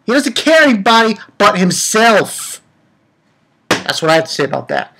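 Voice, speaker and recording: Lively, profane young man recapping anime. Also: sits high, unhurried, creaky. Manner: rambling, profane, many restarts. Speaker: anime reviewer. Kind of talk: casual episode recap.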